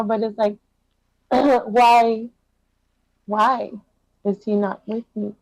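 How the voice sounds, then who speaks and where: A woman guest on an online radio talk show, telling her story in an emotional, halting way. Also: mid-range voice, darkish tone, no echo, rough recording.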